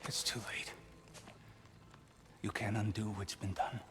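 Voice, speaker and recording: A man plays a proud rebel god leader who talks in a mocking, sardonic way at a slow, measured pace. His voice sits at a middle pitch, with faint noise in the game audio. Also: little pitch movement, lightly acted. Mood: menacing.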